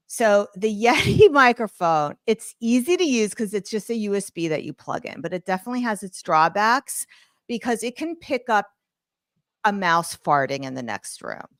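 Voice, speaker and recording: A woman teaches a live online class in a chatty, informal way, cracking small jokes as she goes. Her voice sits in a middle pitch and is picked up close on a studio microphone in a home office, with a dry, close sound. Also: a bit bright, no echo. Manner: chatty, informal, jokey asides. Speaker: online art course instructor.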